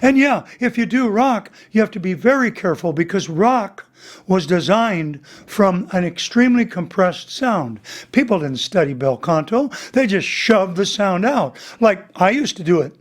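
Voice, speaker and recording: High-voiced older male vocal coach. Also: normal speed. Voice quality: voice he says is damaged. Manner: animated, breaks into singing demonstrations. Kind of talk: casual teaching interview with sung examples.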